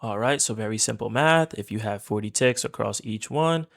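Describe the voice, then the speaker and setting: A man's voice: on the low side, normal speed, gravelly. A man teaching as a trading instructor in a casual screen-share tutorial, chatty and repeating his points while calling his viewers guys.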